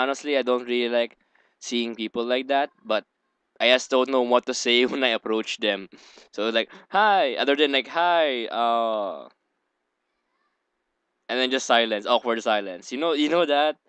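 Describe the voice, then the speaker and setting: A man's voice: medium pitch, fairly bright tone, smooth, no echo. A young man hosting a let's play, reading a visual novel aloud and rambling between lines with giggly asides.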